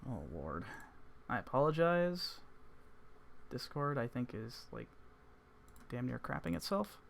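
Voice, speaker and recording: A man narrating a tabletop game as game master, halting with many fillers. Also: mid-range voice, very animated, gravelly, a little hiss or hum. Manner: hesitant, many filler words.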